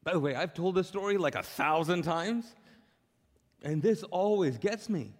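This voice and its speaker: Animated man preaching in a reverberant hall. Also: high-pitched, normal speed. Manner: animated, acts out quoted dialogue. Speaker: pastor. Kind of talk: sermon storytelling. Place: church auditorium, live. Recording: long reverb of a large church hall.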